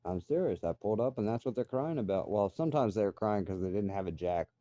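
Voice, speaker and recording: A man's voice: lowish voice, lively intonation, quick pace, dark tone, no room sound. A middle-aged man ranting bluntly and profanely in a casual monologue. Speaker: vlogger.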